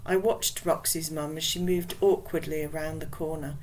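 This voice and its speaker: Woman reading a children's chapter book aloud, low-ish pitch, relaxed and chatty. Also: moderate pace, a little hiss or hum, poor audio. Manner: casual, chatty. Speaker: reader.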